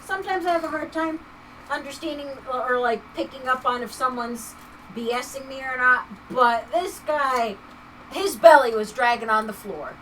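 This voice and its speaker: A woman's voice: sits high, moderate pace, a bit bright, distant mic, a little hiss or hum, rough recording. A woman chatting casually on a live stream, laughing often and reading chat messages aloud while she works.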